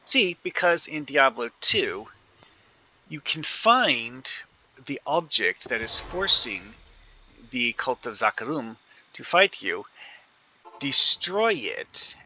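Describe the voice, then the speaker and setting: A man's voice: medium pitch, very animated, slow pace, bright, forceful tone. A man giving casual commentary while playing a video game, rambling and thinking aloud with many fillers and restarts. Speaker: gaming video creator.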